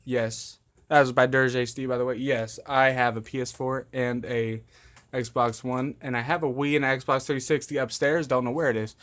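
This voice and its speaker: A man's voice: medium pitch, little pitch movement, normal speed, a bit bright. A young man hosting a casual chat show, rambling and joking with crude banter. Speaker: podcast host.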